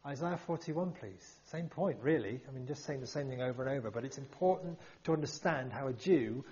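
A man's voice: medium pitch, expressive, a little fast, a little mellow, lo-fi sound. A man preaching a sermon to a congregation, emphatic and full of rhetorical questions.

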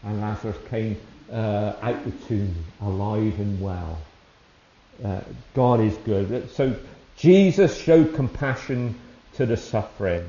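A man giving an informal devotional talk, rambling and warm-hearted, often chuckling between thoughts. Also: lowish voice, slow pace. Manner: rambling, warm-hearted, with frequent fillers and restarts; chuckles often while speaking. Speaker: lay preacher. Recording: dull, roomy sound.

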